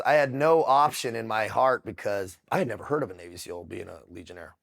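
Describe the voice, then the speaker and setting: A middle-aged man with a low, gravelly voice tells his story in a loose, unscripted interview. He talks bluntly and swears freely, often stopping and restarting his sentences. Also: fairly bright tone. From United States. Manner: profane, blunt, halting restarts. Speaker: interview guest. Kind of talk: casual storytelling.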